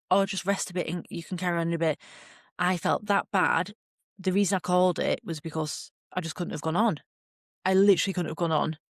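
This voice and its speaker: Speaking on the low side, this woman hosts a podcast and candidly recounts something that happened to her, playing out how she reacted as she chats along. The sound is dry and studio quality.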